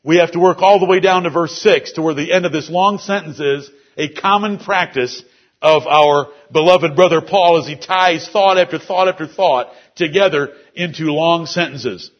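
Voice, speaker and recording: A man's voice: a little high, normal speed, dull audio. A male pastor preaching an expository sermon at a church service, explaining scripture word by word.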